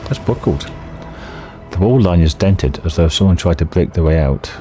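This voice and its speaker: Man, gameplay host, deep voice, mellow tone, relaxed commentary, reads text aloud. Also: moderate pace, faint music behind. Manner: relaxed, mutters asides while reading. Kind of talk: casual let's-play commentary and reading game text.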